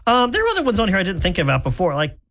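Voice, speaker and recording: Radio morning guy, bouncy up and down voice, chatty, loves correcting how people say words. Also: very fast. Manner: chatty, fussy about pronunciation, lively pitch swings. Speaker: radio morning show co-host. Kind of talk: casual on-air banter.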